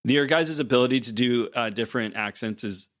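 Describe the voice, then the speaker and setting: A man's voice: medium pitch, fairly quick, fairly bright tone. A man co-hosting a podcast, talking with enthusiasm and often repeating his words as he goes. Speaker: podcast co-host. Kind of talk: casual podcast chat.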